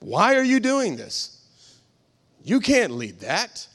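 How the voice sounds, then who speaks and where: A man's voice: sits high, wildly swooping pitch, takes it slowly, fairly bright tone, voice pushed up, exaggerated voice. A man voicing the taunting, scornful voice of the enemy in a sermon illustration. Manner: scornful, nagging.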